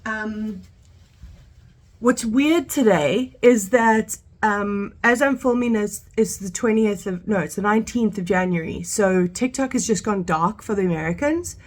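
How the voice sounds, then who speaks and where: A woman's voice: mid-range voice, unhurried. A woman from South Africa chatting casually to camera in a vlog, rambling with lots of fillers and restarts. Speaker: vlogger. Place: at home and outdoors in a park.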